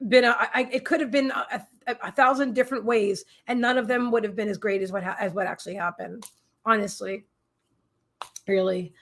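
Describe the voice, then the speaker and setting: A woman with a high voice hosts a psychic livestream from her own apartment. She talks in a candid, heartfelt way, wandering off and restarting her sentences as she goes. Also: a bit bright. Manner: rambling, many restarts and fillers. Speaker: psychic host. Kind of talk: casual livestream chat.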